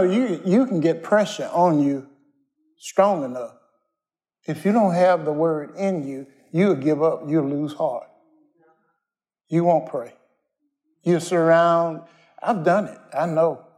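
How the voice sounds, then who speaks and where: Preacher man with a slightly high voice, down home slang, keeps asking the church to answer back. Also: a little mellow. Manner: folksy, call-and-response preaching; plainspoken storytelling with everyday slang. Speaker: pastor. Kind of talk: sermon.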